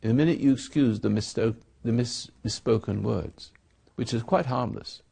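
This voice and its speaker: A man's voice: mid-range voice, moderate pace, gravelly, dark tone, slightly rough. A man speaking as a spiritual teacher in a sermon dialogue, rambling and acting out quoted voices.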